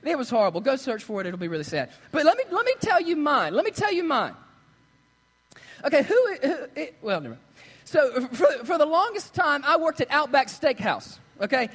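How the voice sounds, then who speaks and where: A man's voice: extremely high pitch, normal speed, big-room sound. A young man preaching a casual, joking sermon, telling stories and acting out the people in them. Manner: joking, storytelling, quotes others in lively voices. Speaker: pastor. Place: church sanctuary.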